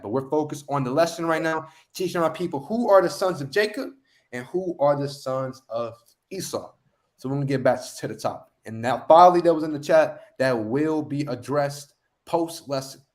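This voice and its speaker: Guy running an online bible lesson, preachy and punchy, keeps saying man. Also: mid-range voice. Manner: preachy, emphatic, repeats "man" and "come". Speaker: lesson teacher.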